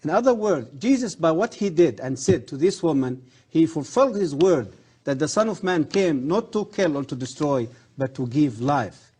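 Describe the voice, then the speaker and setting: Earnest man, husky voice. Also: a little high, lively intonation, a little mellow. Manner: earnest, halting non-native English with rising emphasis. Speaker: guest, former professor. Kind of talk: religious TV interview.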